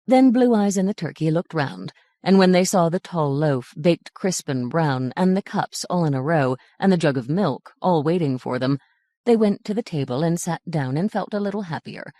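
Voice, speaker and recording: A woman narrating a fairy tale audiobook in a measured, gentle reading. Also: deep voice, expressive, no room sound, clean studio sound. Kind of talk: scripted storybook narration.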